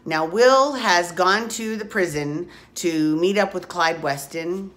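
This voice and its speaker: Low-voiced woman with a blunt, chatty recap. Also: slow, a bit bright. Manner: chatty and blunt, swears freely. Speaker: soap opera recap host. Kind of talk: casual podcast recap.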